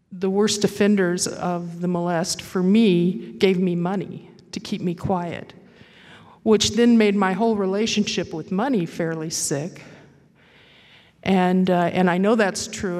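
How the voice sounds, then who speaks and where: Woman telling her story at a meeting, kinda low voice, lots of ums, reverby hall. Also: warm tone. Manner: halting, reflective, many fillers. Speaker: recovery meeting speaker. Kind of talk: personal testimony talk.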